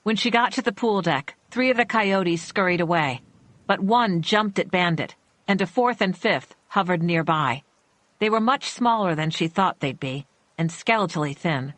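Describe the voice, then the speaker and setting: Low-voiced woman narrating a thriller. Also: lively intonation, unhurried, fairly bright tone, dry recording. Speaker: audiobook narrator.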